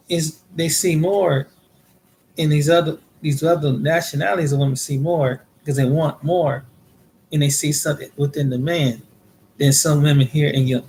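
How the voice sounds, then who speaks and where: A man's voice: on the high side, a little mellow, a little hiss or hum. A man from the United States talking in a casual monologue, rambling and repeating words as he tells his experiences. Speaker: vlogger.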